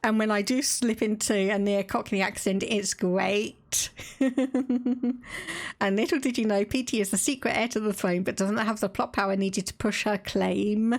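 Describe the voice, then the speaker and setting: A woman's voice: medium pitch, steady tone, moderate pace. A woman with an Estuary English accent from England, chatting casually and laughing as she streams a strategy game and reads game text aloud. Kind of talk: casual live-stream gameplay commentary.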